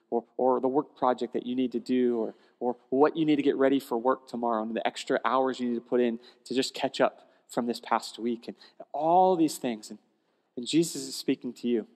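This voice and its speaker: A male pastor preaching a sermon in a conversational, animated storytelling way, often restarting phrases, in a church sanctuary. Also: mid-range voice. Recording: long church hall reverb.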